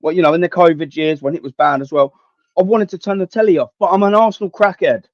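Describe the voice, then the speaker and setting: Brief: young man, high voice, blunt sweary stream rant, dull dry lo-fi audio. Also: quick pace, dry recording. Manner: blunt, sweary, slangy and heated. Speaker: livestream host. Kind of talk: ranting livestream chat with viewers.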